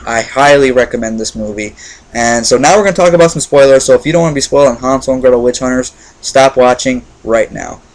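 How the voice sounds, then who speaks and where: A man's voice: mid-range voice, quick pace, poor audio. A man giving a casual spoken movie review, enthusiastic, rambling with many fillers and restarts.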